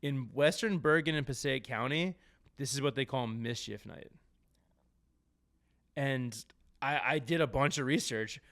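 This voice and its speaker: Podcast host, New man, mid-pitched, animated and jokey, trips over his words. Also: unhurried, pauses often. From New Jersey. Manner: animated, stumbling restarts, joking. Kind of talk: casual chat.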